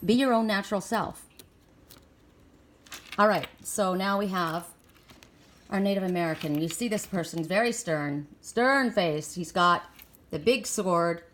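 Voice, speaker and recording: A woman's voice: lowish voice, a little slow, pauses often, a bit bright, slight background noise. A woman doing a spiritual oracle card reading, talking earnestly and encouragingly, often repeating her words.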